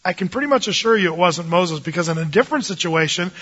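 A man with a high, bright voice walks through a Bible passage in a relaxed teaching tone. He jokes and leaps into the voices of the people in the story. The recording sounds muffled and lo-fi. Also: fast talker, slightly rough. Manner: animated, jokey, acts out voices of biblical figures.

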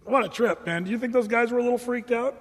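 Husky-voiced pastor preaching in a reverberant hall. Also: male voice, extremely high pitch, fast. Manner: casual, animated storytelling with voiced quotes. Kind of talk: sermon.

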